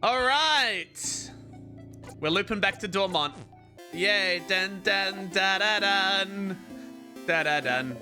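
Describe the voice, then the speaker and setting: Excitable streamer playing an RPG. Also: medium pitch, slow. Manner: excitable, laughs often, reads dialogue aloud. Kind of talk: casual let's-play commentary. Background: game music.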